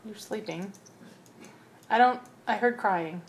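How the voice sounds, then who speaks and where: A woman's voice: medium pitch, takes it slowly. Chatty young woman narrating gameplay. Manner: chatty, talks to her game characters. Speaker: let's play host. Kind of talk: casual gameplay commentary.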